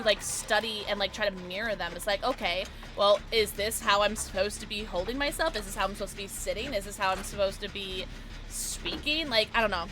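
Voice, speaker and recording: A woman livestreaming while gaming, chatting excitedly with her viewers in a loose, filler-heavy way. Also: mid-range voice. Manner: excitable, chatty, talks to chat, many fillers like "like". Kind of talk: casual gaming livestream chat. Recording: game music audible behind voice.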